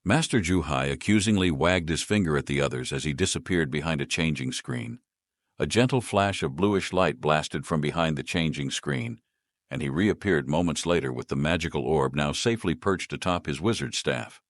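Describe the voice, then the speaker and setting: Brief: deep male narrator for a sci-fi short story, dry close voice-over. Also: normal speed, dry recording. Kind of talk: scripted narration.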